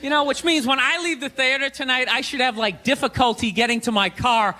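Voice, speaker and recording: A man doing a stand-up comedy routine on a theater stage, ranting loudly and acting out voices of other people. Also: extremely high pitch, brisk. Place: theater stage before a live audience. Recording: live theater recording with crowd laughter.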